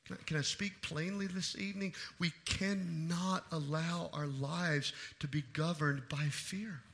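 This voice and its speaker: A married man preaching an evening sermon, pressing his points by repeating them and swinging from hushed to loud. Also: a little high, steady tone, a little slow. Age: adult. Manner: emphatic preaching with repeated phrases. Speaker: pastor.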